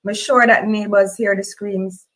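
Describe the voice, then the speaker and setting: A woman with a Jamaican accent reading a novel aloud in the first person, moving from a steady telling to high emotional cries. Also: unhurried, rough recording. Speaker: reader. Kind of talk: audiobook-style fiction reading.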